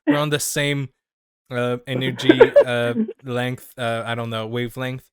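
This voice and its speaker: A man co-hosting a casual podcast, halting and hesitant, swearing freely. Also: mid-range voice, steady tone, smooth. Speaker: podcast co-host.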